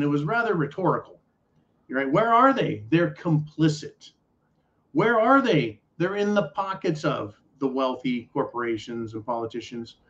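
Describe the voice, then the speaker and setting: A man hosting a podcast, rambling and ranting with profanity and sarcasm. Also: on the high side. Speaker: podcast host. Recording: dull lo-fi audio.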